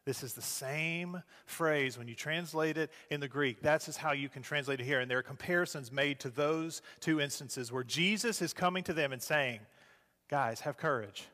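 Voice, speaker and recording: A man preaching a sermon as a pastor, moving between loud urging and soft, slow phrases. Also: on the high side, long reverb tail.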